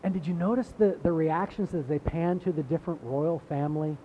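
A man delivers a sermon in a relaxed, conversational way, stumbling over and repeating words as he builds toward his points. His voice sits a little high for a man. The recording sounds slightly muffled, with a faint low rumble underneath. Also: a little fast. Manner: conversational preaching, repeats words, rising emphasis. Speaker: pastor.

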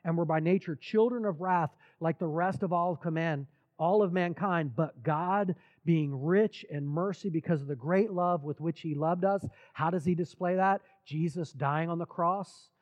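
A man preaching a sermon, retelling scripture stories earnestly with repeated words and dramatic pauses. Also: fairly high pitch. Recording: dull lo-fi recording.

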